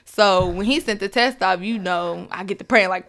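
A woman's voice: medium pitch, expressive, brisk, hardly any pauses, sharp tone. A young woman, a mother, telling an emotional personal story as an interview guest, acting out quoted dialogue and laughing often.

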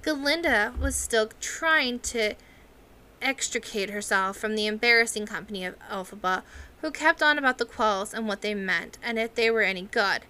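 A woman reading a novel aloud in steady, measured narration. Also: on the high side, smooth. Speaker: audiobook reader.

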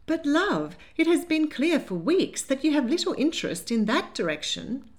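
A woman voicing a fluttery, anxious aristocratic mother who pleads in a high, plaintive voice. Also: sing-song, normal speed. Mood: fretful.

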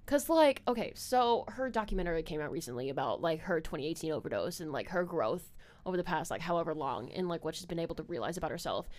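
A woman's voice: deep voice, animated, fast talker, a little mellow. Young woman rambling with constant "like"s. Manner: rambling, filler-heavy with many "like"s, swears freely. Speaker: podcast host. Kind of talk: casual podcast chat.

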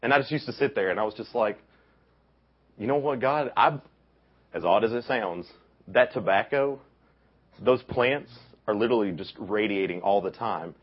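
A young man with a deep voice gives a casual youth camp sermon, telling stories and acting out the quotes with lively energy. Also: normal speed, slightly rough. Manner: animated storytelling, acts out quotes. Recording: dull lo-fi recording.

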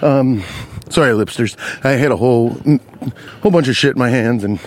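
A young man hosting a podcast, telling a rant-style story outdoors on a city street, animated and profane. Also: mid-range voice, moderate pace. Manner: animated, profane, riffs on his own story. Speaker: podcast host.

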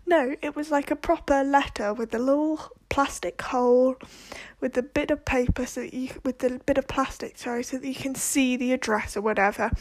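High-voiced woman ranting. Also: steady tone, normal speed. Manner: ranting, exasperated, swears, drops into whispered asides. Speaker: podcast host. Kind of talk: casual monologue.

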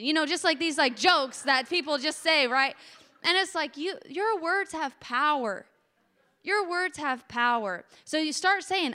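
A woman delivers a sermon in an animated, conversational way. Her voice sits high and sounds bright. She drives her points home by repeating key phrases. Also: normal speed, big-room sound. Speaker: preacher.

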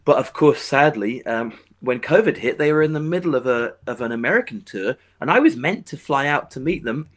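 A man's voice: medium pitch, expressive, brisk, hardly any pauses. A man who plays music, chatting as an interview guest, rambling with lots of restarts and fillers. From England. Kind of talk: casual interview chat.

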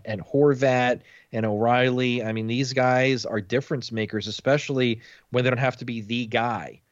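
A man's voice: medium pitch, fairly even intonation, moderate pace, no echo. A blunt, profane man talking sports on a casual podcast, exasperated. His audio is dull and lo-fi, with a dry, close sound. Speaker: podcast co-host. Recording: dull lo-fi recording.

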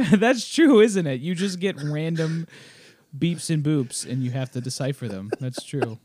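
A man co-hosting a casual podcast chat while a little sick, clearing his throat, explaining things wryly with lots of fillers. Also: on the high side, animated, unhurried, darkish tone, no echo. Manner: chatty, wry, explains game at length with many fillers. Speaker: podcast co-host.

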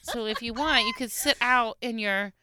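A woman's voice: fairly high pitch, moderate pace, background noise. A woman in her thirties chatting casually on a podcast, telling an anecdote and acting out what people said. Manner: animated storyteller who acts out quoted lines.

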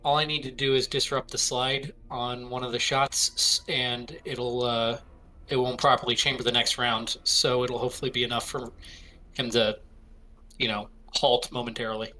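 A man's voice: medium pitch, level tone, moderate pace, bright, forceful tone. A man playing a tabletop game, casually laying out his character's plan in detail. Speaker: player.

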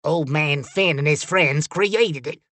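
A man's voice: slow pace, bright, forceful tone, no echo. A man voicing Buford, a fussy, indignant male robot Time Ranger, in a storybook reading. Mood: alarmed. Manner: shrill, indignant, scolding. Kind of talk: storybook character voice.

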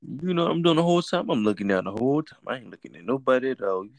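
Lively, slangy man joking along. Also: mid-range voice, creaky, no echo. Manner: relaxed banter, quick reactions, slangy. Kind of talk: casual chat.

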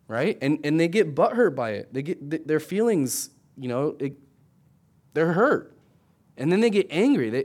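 A man's voice: a little high, a little mellow. A young adult man preaching a sermon in a conversational, storytelling way, building to emphatic points. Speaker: pastor.

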